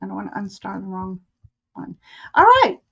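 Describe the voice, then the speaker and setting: A woman's voice: medium pitch, wildly swooping pitch, normal speed, gravelly, fairly bright tone. An older woman hosting a live tarot stream, chatting casually and laughing often.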